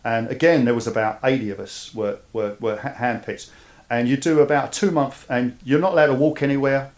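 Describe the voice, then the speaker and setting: A man from East London with a Cockney accent, a guest telling his story in a casual interview. He speaks in an animated way and often repeats words as he starts a thought. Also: medium pitch, a little fast. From East London, England. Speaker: guest, army veteran.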